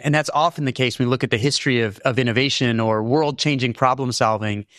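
A male author explains research in a thoughtful, measured way, sometimes restarting a sentence before going on. His voice sits at a middle pitch. The sound is close and dry. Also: fairly bright tone, dry recording. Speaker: author and interview guest. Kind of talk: explanatory interview talk.

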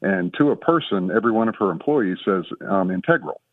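A man's voice: deep voice, expressive, brisk, recorded from a distance. A man in his fifties from Florida, calling in to a radio show with an earnest, chatty question. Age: 50s. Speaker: caller. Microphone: phone. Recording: tinny phone line.

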